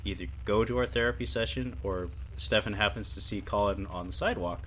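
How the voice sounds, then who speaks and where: Lowish male podcaster with faint hiss. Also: brisk, bright, forceful tone. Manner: chatty, laughs readily, sarcastic asides. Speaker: podcast co-host. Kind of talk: casual film review chat.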